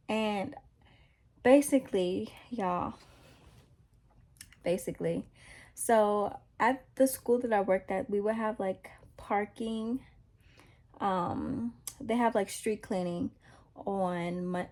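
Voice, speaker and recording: A woman's voice: fairly high pitch, warm tone. A woman in a casual vlog Bible study who retells scripture loosely in slangy, conversational words. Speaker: Christian vlogger sharing a Bible reflection.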